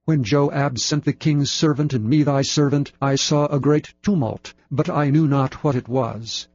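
A man's voice: medium pitch, measured pace, a little mellow, dry recording, dull audio. A man voicing an eager young male messenger who speaks to his king earnestly and deferentially. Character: eager young male runner bringing news.

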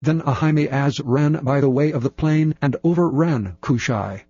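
A man reading scripture aloud in a measured, reverent way. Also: fairly high pitch, dark tone, dry recording, lo-fi sound. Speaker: scripture reader.

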